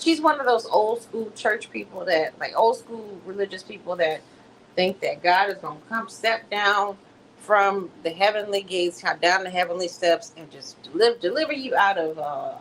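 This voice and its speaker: A woman's voice: on the low side, a bit bright, slight background noise, poor audio. A woman hosting a livestream, chatting in a gossipy way and calling listeners baby. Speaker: livestream host. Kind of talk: casual live stream commentary.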